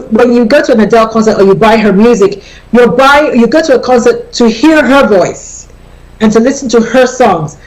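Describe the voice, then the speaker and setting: Chatty higher-voiced woman radio host. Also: darkish tone, poor audio. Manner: chatty and explanatory, repeats her key points. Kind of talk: conversational radio talk on personal branding. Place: radio studio.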